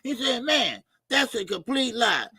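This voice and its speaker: Man, middle-aged, livestream host, bright tense tone, dry close sound, profane and laughing. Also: very high-pitched, sing-song, unhurried, breathy edge, no room sound. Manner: loose and profane, laughing, reading out viewer comments and donations. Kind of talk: casual livestream chat.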